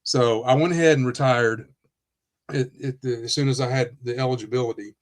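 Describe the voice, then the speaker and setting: A man hosting a podcast, himself a retired police officer, speaking in a measured, reflective way. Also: medium pitch, fairly even intonation. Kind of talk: candid podcast conversation.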